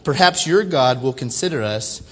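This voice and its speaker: A man's voice: medium pitch, animated, normal speed, long reverb tail, close to an everyday voice. A man doing a brash, slangy ship captain. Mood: exasperated. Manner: slangy and scolding, calls people dude. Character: brash male ship captain, impatient and rough.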